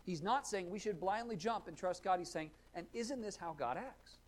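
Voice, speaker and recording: A male pastor preaching a sermon, earnest and explanatory, rising to loud emphatic readings of scripture. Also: high-pitched, lively intonation, moderate pace.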